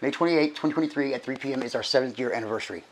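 A middle-aged man gives casual church announcements as archbishop, hoarse and short of breath, chatty and folksy with halting restarts. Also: medium pitch, a little hiss or hum, rough recording. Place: church sanctuary.

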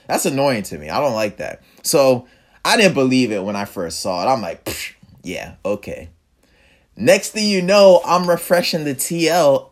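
A young man telling a personal story in casual speech, reflective and sometimes emphatic. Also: medium pitch. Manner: casual and reflective, quiet dips and emphatic rises. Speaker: vlogger.

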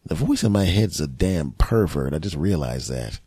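A man hosting a solo comedy podcast, telling stories in an animated, mock-outraged way and jumping into quick put-on voices. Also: a bass voice, breathy edge, dry recording. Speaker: podcast host.

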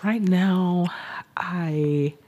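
A woman with a low-pitched voice speaks as a podcast guest. She thinks aloud in a reflective, searching way. Soft little laughs slip in between her thoughts. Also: steady tone, extremely slow. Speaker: podcast guest, writer and artist. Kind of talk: reflective conversation.

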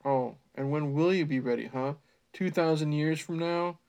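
A man's voice: on the high side, normal speed, darkish tone, clean tone, natural voice. A man reading as a sneering, cocky camp boy. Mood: taunting. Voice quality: taunting, sneering. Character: cocky, mean teenage boy at summer camp.

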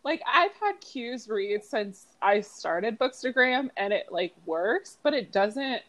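A woman guest on a casual book podcast, talking in a quick, upbeat, self-deprecating way. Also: fairly high pitch, sing-song, a bit bright. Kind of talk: casual chat.

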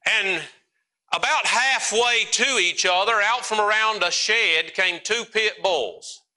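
Folksy preacher, bright high voice. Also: male voice, slow pace, poor audio. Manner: folksy, earnest, down-home storyteller. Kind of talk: sermon with a folksy personal story. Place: church service.

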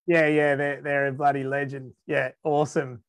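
A man's voice: medium pitch, flat delivery, normal speed, no room sound. A man with an Australian accent chatting casually as a podcast guest, laid-back and laughing often, trailing off and restarting his sentences. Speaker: guest musician.

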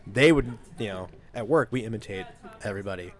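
A man's voice: on the low side, brisk. A man hosting a casual podcast chat, laid-back and chatty, swearing now and then. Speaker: podcast host, comedian.

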